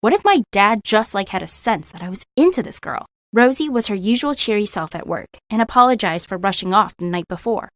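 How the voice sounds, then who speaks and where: A woman's voice: mid-range voice, lively intonation, fairly quick, few pauses, fairly bright tone, no room sound, studio quality. A young woman narrating her own story in the first person, emotional and confiding.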